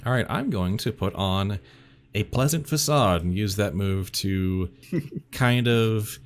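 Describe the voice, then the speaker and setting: A man's voice: lowish voice, slow. A man playing a tabletop game, chatty and laughing as he explains his moves. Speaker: player.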